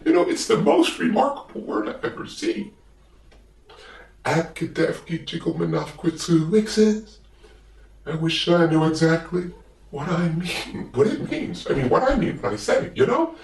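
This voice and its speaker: A man voicing a big, childlike yellow bird in a high, sing-song, wondering voice. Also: very animated, normal speed, gravelly, reverberant, recorded from a distance.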